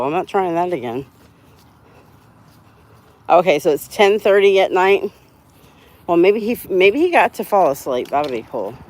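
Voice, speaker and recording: A woman hosts a casual livestream, chatting with viewers and reading their comments. She talks outdoors while walking her dogs, rambling and laughing at her own slips. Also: fairly low pitch. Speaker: livestream host.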